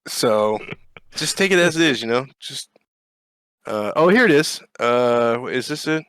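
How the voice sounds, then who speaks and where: A man's voice: mid-range voice, lively intonation, a little slow, fairly bright tone, smooth, dry recording. A man co-hosting a gaming podcast, ranting in a casual, profane and sarcastic way. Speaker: podcast co-host. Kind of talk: casual chat.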